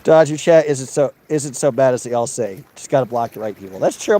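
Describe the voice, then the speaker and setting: A man's voice: medium pitch, brisk, warm tone. A man livestreaming while walking outdoors, reading viewer comments aloud and bantering with his chat.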